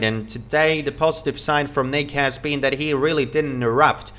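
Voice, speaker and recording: Excitable man calling tennis live. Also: mid-range voice. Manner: excited, calls shots rapidly, repeats praise. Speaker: tennis watchalong commentator. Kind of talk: live play-by-play commentary.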